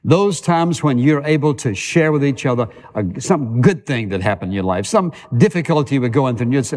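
A man preaching a sermon with a mid-range voice, chatting to his congregation more than orating. He stacks repeated phrases, drags out the words he wants to land and rushes the lists between them. The sound carries a long reverb from a large sanctuary. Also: medium pitch, lively intonation, darkish tone. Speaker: pastor. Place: church sanctuary.

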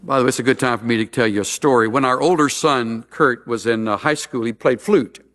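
A man's voice: mid-range voice, a little fast, fairly bright tone. A man preaching a sermon as a pastor, mixing humorous stories with earnest appeals.

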